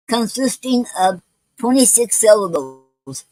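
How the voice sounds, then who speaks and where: Halting woman hosting a poetry livestream. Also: fairly high pitch, expressive, darkish tone, no room sound, low-quality recording. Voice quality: some words not pronounced clearly. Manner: halting, many restarts and fillers, spells out words letter by letter. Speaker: poetry show host. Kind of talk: casual livestream talk. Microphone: home livestream mic.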